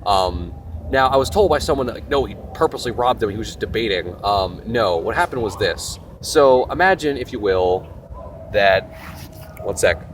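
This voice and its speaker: A young man hosting a casual vlog, retelling a novel in a rambling, animated way with lots of fillers and asides. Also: on the low side, moderate pace, slight background noise. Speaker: host.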